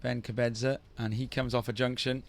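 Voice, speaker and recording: A man's voice: medium pitch, flat delivery, a little fast, vocal fry. Male live surf commentator, middle register, banter-heavy play-by-play. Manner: chatty, teasing banter between play-by-play calls.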